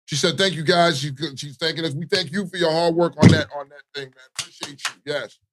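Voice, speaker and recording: A man with a Baltimore accent talks loosely and profanely in casual morning-show banter. His voice sits a touch higher than most men's. He keeps checking in with his listener as he goes. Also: a little fast, noisy background. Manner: laid-back, profane, keeps asking "you know what I mean". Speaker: radio co-host.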